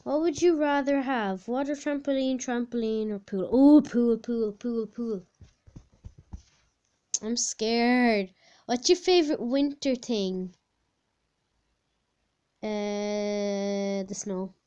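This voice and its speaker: Chatty high-voiced young woman vlogger. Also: takes it slowly, pauses often, a little mellow, clean tone, dull audio. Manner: chatty, thinks aloud with many fillers, bursts into squealing outbursts. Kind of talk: casual chat while taking online quizzes.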